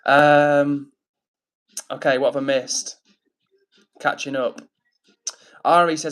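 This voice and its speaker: Chatty man, slightly high voice. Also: slow, pauses often, low-quality recording. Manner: chatty, reads out viewer messages. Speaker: livestream host. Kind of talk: casual live-stream chat. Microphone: phone.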